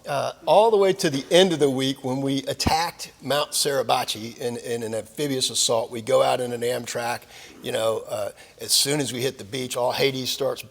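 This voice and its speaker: With a medium-pitched voice, fairly even intonation, moderate pace and vocal fry, an older retired naval officer lectures as a guest in a military lecture series. The club lecture hall leaves a long reverb tail on his folksy, self-deprecating anecdotes and frequent fillers.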